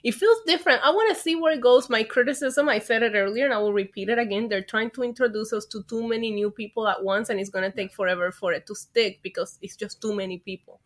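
A woman's voice: fairly high pitch, quick pace, hardly any pauses. Woman co-hosting a casual podcast. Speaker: podcast co-host. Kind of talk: casual wrestling chat.

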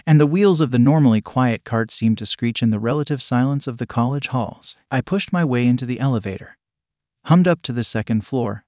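A man reading a first-person story aloud at a steady, measured pace. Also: medium pitch, no echo, studio quality. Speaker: narrator.

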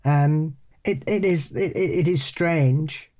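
A man co-hosting a podcast in casual chat, halting and repeating his words, often laughing. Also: a little high, mellow. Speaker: podcast co-host. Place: pub.

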